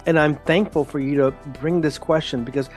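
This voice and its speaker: A man's voice: fairly high pitch, fairly even intonation, fairly quick, a little mellow, soft background music. A man hosting a solo podcast, talking in a blunt, emphatic way and swearing openly. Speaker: podcast host. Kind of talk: casual solo podcast monologue.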